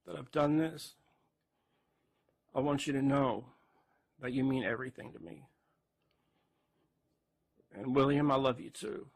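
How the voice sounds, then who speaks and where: A distraught man, speaking haltingly to camera near tears and repeating himself. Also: medium pitch, vocal fry, a bit bright. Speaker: man recording a farewell video. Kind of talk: emotional direct-to-camera confession.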